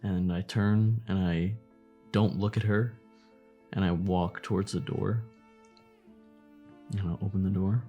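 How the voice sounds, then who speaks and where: A man playing a tabletop game, slow and measured as he describes his character's actions. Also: sits low, steady tone, husky, muffled recording, faint music behind. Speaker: player. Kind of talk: tabletop role-play, in character.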